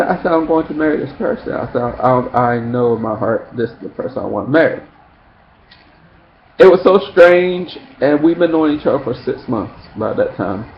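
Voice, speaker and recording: A man telling a personal story in a casual, rambling way, acting out friends' lines in shrill high voices. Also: lively intonation, normal speed. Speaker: vlogger. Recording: dull lo-fi sound with faint background noise.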